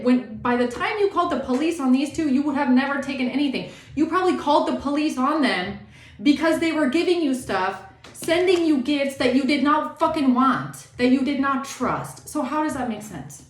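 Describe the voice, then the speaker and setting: A woman's voice: high-pitched, roomy sound. A woman tarot reader giving a blunt, indignant reading and swearing freely.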